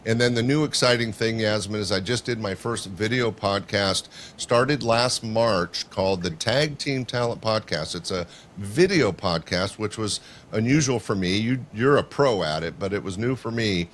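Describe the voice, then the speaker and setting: A man's voice: on the low side, moderate pace, few pauses, fairly bright tone, slight background noise. An older man, a show producer and podcast guest, telling a story in a chatty, rambling way. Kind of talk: casual storytelling in a podcast interview.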